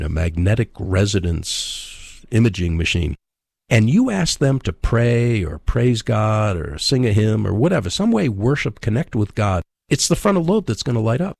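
A man's voice: lowish voice, creaky, darkish tone, no room sound, studio quality. A man teaching on a radio program, speaking in an emphatic, conversational way and repeating his key points. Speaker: radio Bible teacher on relationships.

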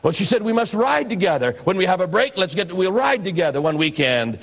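An older preacher from the American Northwest recounts his testimony in a folksy, storytelling way. His voice sits a little higher than most men's. He acts out the people in his story as he talks. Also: big pitch swings, brisk, fairly bright tone, low-quality recording. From northwestern United States. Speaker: pastor and evangelist. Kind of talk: personal testimony sermon.

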